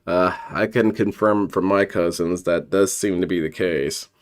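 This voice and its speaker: Sarcastic, low-voiced male streamer. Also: steady tone, unhurried. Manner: sarcastic, rambling, mocking. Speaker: commentary streamer. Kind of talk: casual reaction commentary.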